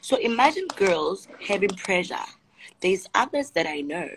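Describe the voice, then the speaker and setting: A woman's voice: medium pitch, lively intonation, moderate pace, vocal fry, fairly bright tone, slight background noise, rough recording. A young South African woman with a South African accent, hosting a casual live stream as a sassy straight talker who keeps calling viewers honey. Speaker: Instagram live host. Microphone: phone.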